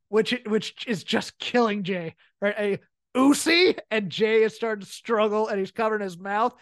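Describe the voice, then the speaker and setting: A woman co-hosting a casual chat show. She talks in an animated way, laughs often and acts out quotes. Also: medium pitch, no echo. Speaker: podcast co-host.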